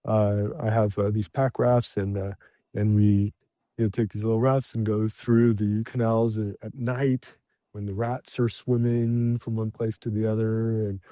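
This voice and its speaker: Middle-aged guy rambling thru a travel story, dark mellow voice, dry close sound. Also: fairly low pitch, unhurried, no echo. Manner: animated anecdote teller, acts out shouted quotes. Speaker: guest. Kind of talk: casual storytelling.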